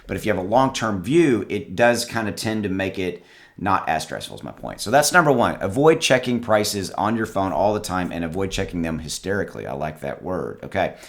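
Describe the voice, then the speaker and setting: With a low, gravelly, sing-song voice at a fairly quick clip, a crypto YouTuber vlogs casual investing advice from a home shared with dogs. Conversational and loose, he repeats words, restarts frequently, and calls his audience guys.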